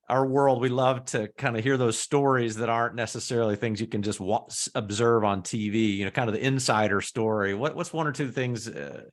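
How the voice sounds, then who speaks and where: A man hosting a podcast, asking questions in an easygoing, conversational way with lots of fillers. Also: on the low side. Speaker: podcast host. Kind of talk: casual interview.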